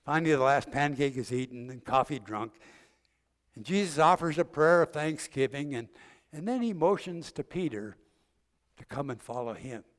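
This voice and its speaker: An older man preaching a sermon, gently retelling a story with vivid detail and acted-out quotes. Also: a little high, expressive, normal speed. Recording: long hall reverb.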